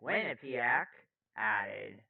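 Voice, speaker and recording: Very slow man on a tinny line. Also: mid-range voice, animated, creaky. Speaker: political video host. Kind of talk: casual commentary reading poll figures. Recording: tinny phone-like sound from far off.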